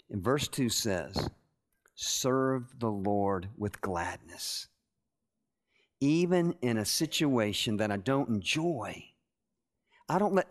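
A middle-aged man preaching a sermon to students, animated, with lots of repeated words and acted-out quotes. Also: medium pitch. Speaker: preacher at a school chapel. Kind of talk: sermon with demonstration and anecdotes.

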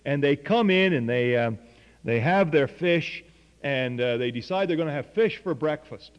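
A man's voice: fairly high pitch, animated, moderate pace, clear, resonant tone, long reverb tail, highs cut off. A man preaching a sermon, telling a story earnestly and voicing the people in it. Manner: earnest storytelling with quoted dialogue.

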